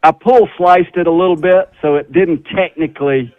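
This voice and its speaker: A man's voice: fairly high pitch, normal speed, dry recording. Folksy middle-aged man telling a golf story. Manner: folksy, animated storyteller with laughter. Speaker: guest, former tour golfer. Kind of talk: storytelling on a radio talk show. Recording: slightly dull radio sound.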